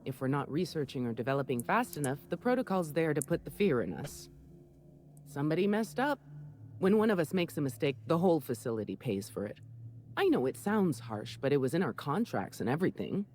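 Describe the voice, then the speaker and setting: A woman's voice: deep voice, sing-song, brisk, darkish tone, slight background noise. An actress voicing a nervous young woman receptionist in a video game, breathless, rattled and chatty.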